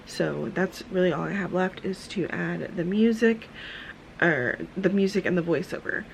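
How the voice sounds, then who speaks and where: A woman's voice: fairly low pitch, normal speed, creaky, a little hiss or hum, low-quality recording. Tired, chatty woman vlogging at home. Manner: chatty, rambling, with many fillers. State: tired, husky morning voice. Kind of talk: casual vlog chat. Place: dim home room at a desk, early morning.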